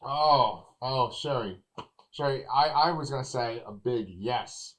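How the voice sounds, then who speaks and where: A man reviewing a movie in casual chat, animated and acting out what others said. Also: mid-range voice, a little slow, poor audio. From Texas. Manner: animated, acts out quotes loudly.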